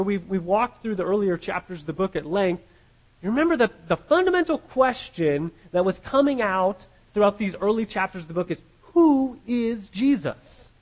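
High-voiced earnest male preacher. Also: low-quality recording. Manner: earnest, repeats words as he restarts phrases. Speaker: pastor. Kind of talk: sermon.

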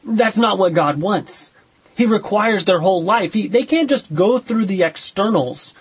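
A man with a fairly high, husky voice delivers an expository sermon. He reads scripture aloud, then unpacks it in an earnest teaching manner, pressing the point home with rhetorical questions. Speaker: preacher.

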